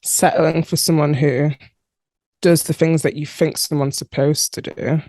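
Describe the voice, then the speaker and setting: A woman co-hosting a podcast, making measured, thoughtful points with dry asides in casual chat. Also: sits low, fairly even intonation, darkish tone, no echo. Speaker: podcast co-host.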